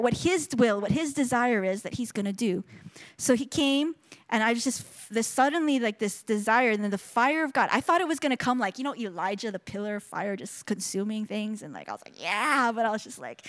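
A woman's voice: on the high side, lively intonation, brisk. Earnest woman sharing a church testimony. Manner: earnest storytelling with restarts. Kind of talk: sermon testimony.

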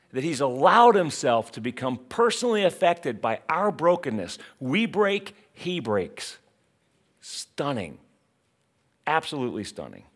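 Slow, animated preaching man. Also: medium pitch. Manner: dramatic, emphatic preaching with rhetorical questions. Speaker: pastor. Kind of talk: sermon.

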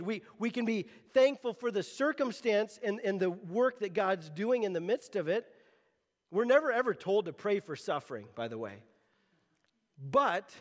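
A male pastor preaching a sermon, earnest and animated, often restarting his phrases. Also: high-pitched, in a large hall.

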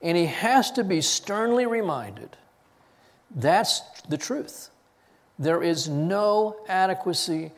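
Animated male preacher, fairly high voice. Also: big-room sound. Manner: animated preaching, rising loud for scripture readings, dropping low on key points. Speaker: pastor. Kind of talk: sermon.

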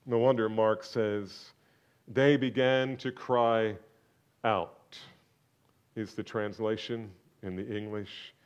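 A man preaching a sermon, swinging from loud, exclaiming questions to hushed, almost whispered lines. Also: fairly low pitch, steady tone, slow, clean tone, highs cut off. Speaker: pastor.

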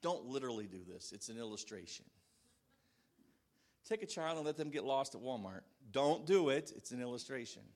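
A man in his thirties preaching a sermon to a congregation in a church, animated and shouting out quoted calls. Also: medium pitch, moderate pace. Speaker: pastor.

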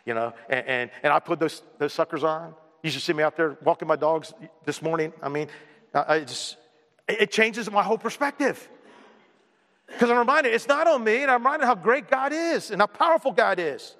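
A male pastor delivers an energetic sermon, hammering phrases over and over and slipping in jokes. His voice sits high, and it rings through a big hall with a long echo. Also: a little fast. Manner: energetic, repetitive and joking.

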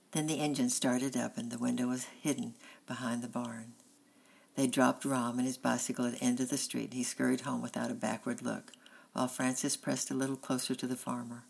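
Very low, gravelly storybook narrator woman. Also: low-quality recording. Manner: steady, plain reading. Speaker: audiobook reader.

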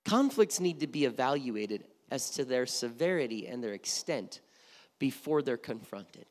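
A man's voice: mid-range voice, animated, moderate pace. A middle-aged man preaching a sermon as pastor, conversational and often repeating words as he starts a thought. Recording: long reverb of a hall.

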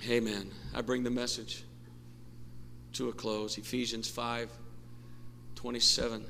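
A man preaching a sermon as pastor, impassioned and rising to shouts, in a church sanctuary. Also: mid-range voice, level tone, a little slow, creaky. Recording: long church hall reverb, faint noise.

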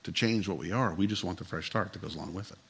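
Husky-voiced male pastor preaching. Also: low-pitched, fast, fairly bright tone. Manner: conversational storytelling with humor. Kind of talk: sermon.

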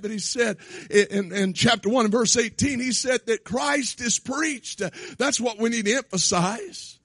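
Gravelly high-voiced shouting preacher. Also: male voice, normal speed, no echo, studio quality. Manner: shouting preaching with sudden drops to quiet asides. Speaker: pastor. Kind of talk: sermon. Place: church sanctuary.

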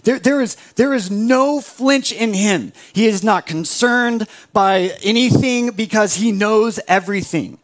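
A young adult man preaching a sermon with a gravelly voice, animated, acting out other voices as he tells the story. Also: high-pitched, measured pace, few pauses. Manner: animated, acts out voices of biblical figures. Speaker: pastor.

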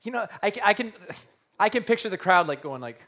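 A man's voice: high voice, fast. A male pastor preaching a conversational sermon, acting out the scenes as he tells them. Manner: animated, conversational, acts out scenes.

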